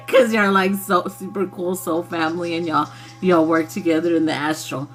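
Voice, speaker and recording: A woman's voice: lowish voice, expressive, unhurried, soft background music. A woman hosting a casual spiritual livestream who laughs often and swears freely in a loose, playful way. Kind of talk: casual chat with viewers.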